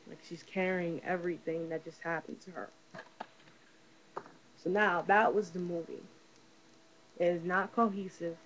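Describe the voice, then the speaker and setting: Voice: medium pitch, flat delivery, unhurried, long pauses, a bit bright, a little hiss or hum, poor audio. A casual movie reviewer talking through a film's plot in a rambling, profane way, full of fillers.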